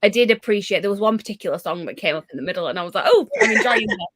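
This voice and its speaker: A woman's voice: on the low side, rapid-fire, dry recording, studio quality. A woman, a guest on a casual group video call, explaining things in a matter-of-fact way.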